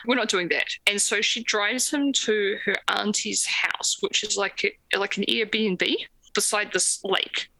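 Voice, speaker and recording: A woman recapping a book plot in casual chat, halting and restarting her sentences with apologetic laughs. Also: medium pitch, fairly even intonation, gravelly, pushed and bright, no room sound, low-quality recording. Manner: hesitant, halting, with repeated starts and apologetic laughs. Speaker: podcast co-host.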